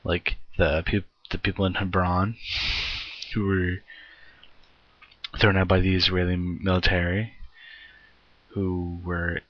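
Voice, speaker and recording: A man's voice: low voice, completely flat delivery, slow, long pauses, no echo, highs cut off. A young American man ranting in a frustrated vlog, swearing heavily and sighing often. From United States. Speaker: vlogger.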